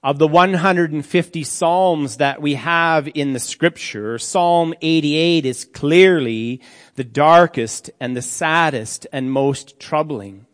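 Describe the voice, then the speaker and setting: Slow solemn male preacher in a hall. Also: on the high side. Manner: slow, solemn reading with dramatic drops to near-quiet. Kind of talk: sermon.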